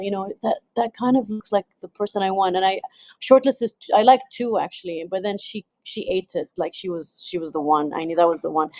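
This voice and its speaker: A woman from the United Arab Emirates talks about her filmmaking in a lively interview. She restarts her sentences often and laughs easily. Her voice sits at a middle pitch and is recorded dry, with almost no room sound. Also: vocal fry, no echo. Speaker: film director. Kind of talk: interview answers.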